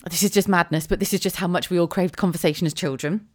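A middle-aged woman hosting her own podcast, talking casually on her own, with quick asides, rhetorical questions and frequent laughs. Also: on the low side, steady tone, darkish tone. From England (Wiltshire). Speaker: podcast host. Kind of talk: casual solo podcast monologue.

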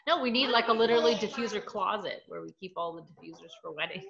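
A woman hosting a casual group chat, chatty and quick with asides and laughter. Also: mid-range voice, lively intonation, creaky, reverberant. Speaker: podcast host. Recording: dull lo-fi call audio with faint noise.

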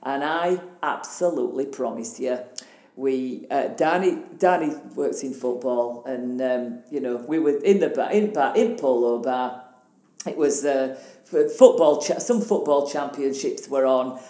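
A Northern English woman in her sixties, a guest telling a personal story in an interview, blunt and animated, swearing freely. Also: rumbling low, a little slow, reverberant. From Northern England. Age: 60s.

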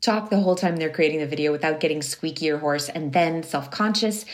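A woman coach talks about voice and confidence as a guest, her voice a little low. She explains at length in an animated way and slips into quoted thoughts to make her points. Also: a little fast.

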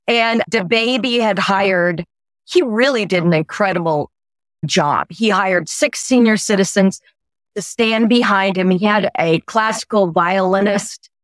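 A woman in her sixties from the United States speaks as a guest on a podcast, teary-eyed but eager, telling her story with effusive warmth. Her voice sits in a middle range. It is close and dry, with no room sound. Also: mid-range voice, no echo. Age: 60s. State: teary, weepy. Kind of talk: conversational storytelling.

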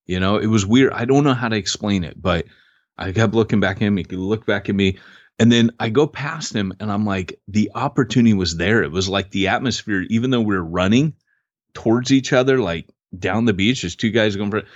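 A man co-hosting a podcast, telling a story in a casual, excitable way. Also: fairly low pitch, a little fast, no echo, dull audio. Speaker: podcast co-host.

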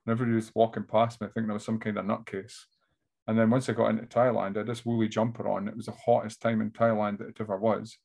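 A man with an Aberdonian Scottish accent, a stand-up comedian telling animated stories as an interview guest. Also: on the low side, creaky. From Scotland. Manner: animated storyteller who slips into voices. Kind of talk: casual interview chat.

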